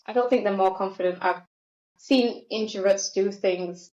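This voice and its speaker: A woman's voice: medium pitch, fairly even intonation, normal speed. A woman talking in a thoughtful, hesitant way in casual podcast chat. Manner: thoughtful, hesitant, with many fillers. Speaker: podcast host. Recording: echoey, dull sound.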